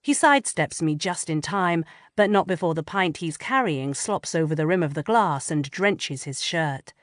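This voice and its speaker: Woman, audiobook narrator, lowish voice, dry close mic, expressive. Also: normal speed, no echo. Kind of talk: first-person audiobook narration.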